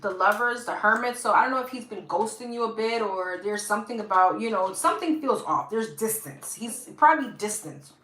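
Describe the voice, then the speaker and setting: A woman's voice: mid-range voice, lively intonation, a little fast, hardly any pauses, a bit bright. A woman with a New York accent doing a live-stream tarot reading on her phone, chatting casually with viewers. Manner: chatty, addresses viewers as girl and guys. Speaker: tarot reader. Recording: echoey room, faint hiss.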